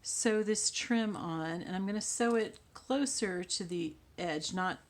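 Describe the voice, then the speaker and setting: A woman hosting a casual crafting tutorial, chatting and thinking aloud as she works, often dropping to quiet mutters. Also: mid-range voice, a little slow.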